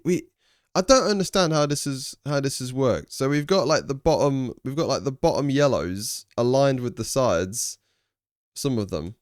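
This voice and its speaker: A young man from England streams live, chatting casually with viewers, thinking out loud and occasionally swearing. His medium-pitched, darkish voice is smooth, captured in clean studio sound with no echo.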